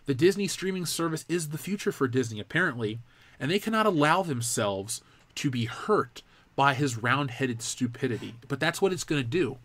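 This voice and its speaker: A man's voice: mid-range voice, lively intonation, moderate pace, fairly bright tone, dry recording. Dry-voiced man ranting on a live show. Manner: heated, profane, ranting. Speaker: host of a live pop culture show. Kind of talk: live-stream commentary rant.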